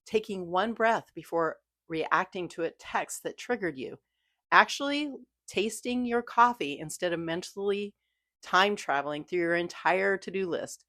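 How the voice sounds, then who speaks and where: A woman giving a gentle, reassuring scripted talk about mindfulness, coaching her listeners. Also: lowish voice, no room sound, studio quality. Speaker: mindfulness creator.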